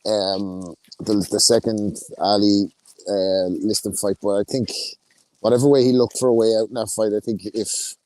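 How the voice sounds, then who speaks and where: A man's voice: on the low side, steady tone, moderate pace, darkish tone, no echo, rough recording. A man giving blunt, profane opinions in casual podcast chat.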